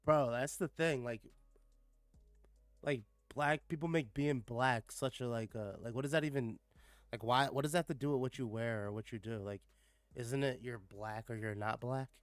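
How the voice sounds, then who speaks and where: A man's voice: medium pitch, normal speed, smooth, dry recording, soft background music. A man giving casual reaction commentary, sarcastic and profane, filling his talk with "like" and "bro.". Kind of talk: casual reaction commentary with read-aloud passages.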